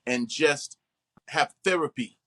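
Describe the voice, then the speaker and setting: A middle-aged man, an actor, talking animatedly in an interview and acting out quoted voices. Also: takes it slowly. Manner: expressive, acts out quotes with big pitch jumps.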